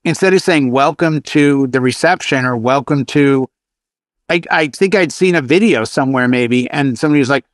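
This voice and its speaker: A man's voice: mid-range voice, moderate pace, no room sound, clean studio sound. A man hosting a casual chat among DJs, telling stories and acting out his own microphone announcements. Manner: storytelling, chatty, acts out his announcements. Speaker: DJ show host. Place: convention hallway.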